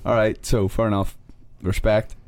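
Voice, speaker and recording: Irish male guest with a low voice, swears a lot, tells stories with energy. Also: moderate pace. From Ireland. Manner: swears constantly, animated storytelling. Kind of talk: casual podcast chat.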